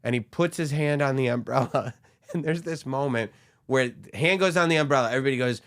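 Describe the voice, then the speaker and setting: Animated storytelling podcast man. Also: mid-range voice, brisk, no echo, clean studio sound. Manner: animated storyteller acting out the people he describes. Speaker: podcast co-host. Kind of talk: casual chat.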